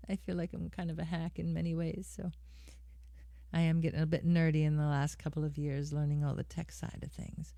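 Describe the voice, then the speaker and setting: A woman's voice: deep voice, flat delivery, normal speed, creaky, warm tone, dry recording. A middle-aged woman hosting a live music stream, chatting casually with viewers and calling them by name. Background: guitar accompaniment.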